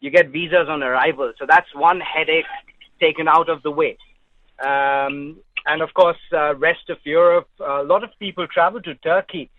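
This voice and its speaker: A man's voice: fairly high pitch, fairly even intonation, normal speed, no echo. A man from India, a travel journalist, chatting as a radio guest on a phone line, rambling with many ums and the odd joke. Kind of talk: casual radio interview.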